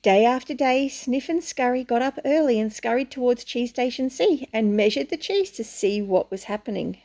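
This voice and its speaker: A woman reading a picture book aloud to children in an animated way, often pausing to ask the listener questions. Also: a little high. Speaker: storyteller.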